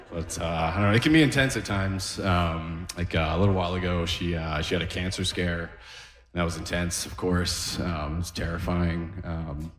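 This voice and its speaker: Male comic, thirties, dry low delivery, echoey club mic. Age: 30s. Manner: laid-back deadpan delivery with chuckles. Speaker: stand-up comedian. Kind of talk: stand-up comedy set. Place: club stage at an open mic.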